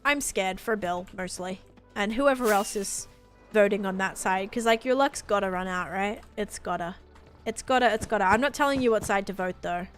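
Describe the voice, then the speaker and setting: A young woman from Australia with a softened Australian accent, chatting casually with her live stream viewers, rambling and full of "like" fillers. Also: medium pitch, moderate pace, soft background music. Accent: Australian, softened toward American.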